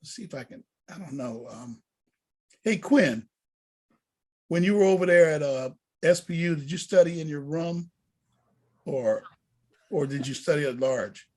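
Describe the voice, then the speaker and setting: Over a video call, a deacon leads a college prep lesson for students with animated, preacher-like energy. His voice is a little high, unhurried, and he pauses often.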